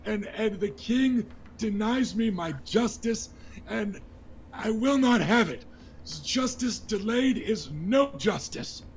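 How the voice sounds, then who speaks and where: Man doing a young noble lord, nervous, pleading, high voice, slow delivery. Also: animated, slight background noise, full character voice. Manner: pleading, voice on the edge of breaking.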